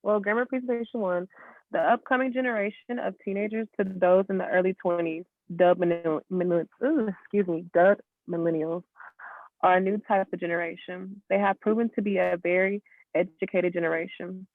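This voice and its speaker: A man's voice: high-pitched, steady tone, a little fast, no echo, phone-quality sound. A man who is a student, reading a passage aloud in class and stumbling over a few words, then correcting himself.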